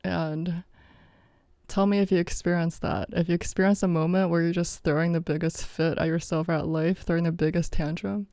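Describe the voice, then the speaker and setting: A woman's voice: fairly low pitch, little pitch movement, fairly quick, warm tone, no room sound, clean studio sound. A woman talking casually in a reflective vlog, rambling with many fillers and often breaking into laughter. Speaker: vlogger.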